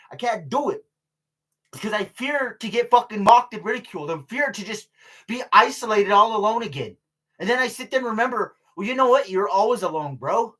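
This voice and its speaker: A man's voice: sits high, a bit bright. An older man vlogging in a casual, rambling monologue, swearing freely and stalling on fillers. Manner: profane, rambling, many fillers and restarts; laughs between remarks.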